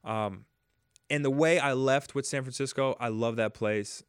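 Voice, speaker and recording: A man in his forties, a former ballplayer, telling stories casually in an interview and loudly acting out the lines he quotes. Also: medium pitch, measured pace, clean tone, no echo, clean studio sound. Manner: animated storyteller, acts out quotes loudly. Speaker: former baseball player, guest.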